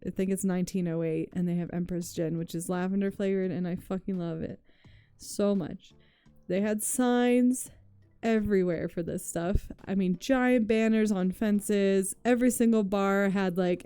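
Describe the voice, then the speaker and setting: A woman's voice: medium pitch, fairly even intonation, moderate pace, warm tone, clean tone, dry recording, soft background music. A woman streamer chatting casually with her viewers, telling rambling stories full of "like", swearing and frequent laughter.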